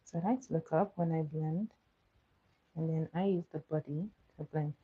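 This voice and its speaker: Doing her makeup on a livestream, a woman chats casually with viewers, responding to their comments and laughing often. Her low voice has a breathy edge and fairly even intonation at a moderate pace. The recording comes across slightly muffled and dull.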